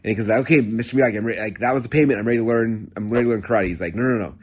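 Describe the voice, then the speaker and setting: Fast-talking husky man telling a story. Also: medium pitch. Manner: excited, rambling, full of "like" and restarts. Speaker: podcast host. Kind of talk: casual storytelling monologue.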